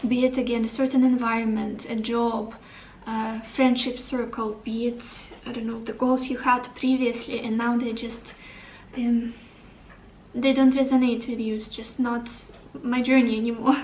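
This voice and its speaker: A woman's voice: fairly high pitch, little pitch movement, normal speed, darkish tone, roomy sound, recorded from a distance, a little hiss or hum, poor audio. A woman giving a tarot reading to the camera, upbeat and encouraging, thinking aloud as she turns over cards. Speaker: tarot reader.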